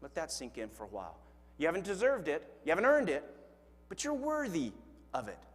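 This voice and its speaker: A man with a fairly high voice preaches a little fast from a church sanctuary, where long hall reverb hangs on every word. He spins amusing stories, acting out quotes and teasing himself, and the congregation laughs along.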